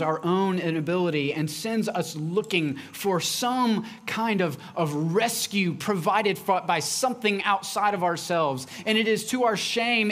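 A young adult man delivers a sermon as pastor. He talks to the congregation in a relaxed, conversational way. He slips into quoted lines from home as he goes. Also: high voice. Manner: conversational, acts out quotes from his daughter.

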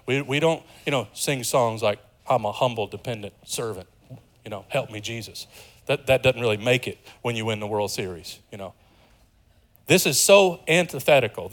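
A man preaching a sermon as pastor, emphatic and animated, acting out quotes with quick asides. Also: medium pitch.

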